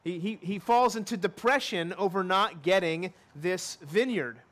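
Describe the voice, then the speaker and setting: High-voiced man preaching a sermon. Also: unhurried, fairly bright tone. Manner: expository preaching with repeated key lines and acted quotes. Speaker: pastor.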